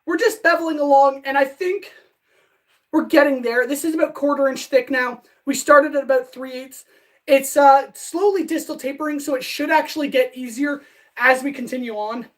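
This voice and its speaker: A woman's voice: sits high, moderate pace. A woman blacksmith chatting casually on a live stream while she forges, upbeat and greeting viewers, out of breath from hammering. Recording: distant mic with loud forge noise.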